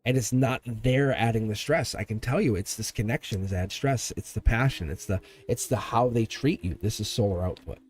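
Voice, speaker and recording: A man's voice: on the low side, normal speed, hardly any pauses, a little mellow. Rambling man reading tarot live. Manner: rambling, chuckles often, talks to viewers. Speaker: livestream tarot reader. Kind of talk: casual livestream chat.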